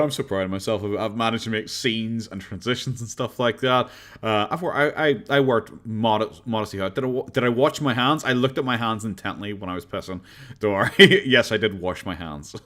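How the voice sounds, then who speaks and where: A man's voice: lowish voice, fairly bright tone. A young man from Northern Ireland, a live streamer chatting casually with viewers in a rambling, blunt, profane way with frequent chuckles.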